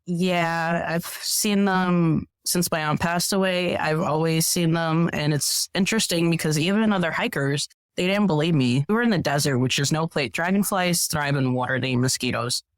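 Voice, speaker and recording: A woman guest on a podcast telling stories in a casual, animated way, acting out what people said. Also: sits low, moderate pace, hardly any pauses, dry recording. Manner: animated, acts out quoted voices. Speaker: podcast guest, professional hiker. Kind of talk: casual storytelling.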